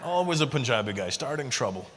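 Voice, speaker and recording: A man's voice: mid-range voice, sing-song, quick pace, big-room sound. A middle-aged man doing stand-up crowd work, brash and teasing, swearing freely as he quizzes audience members. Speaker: stand-up comedian. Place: live comedy venue with audience. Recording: live show with loud crowd and room noise.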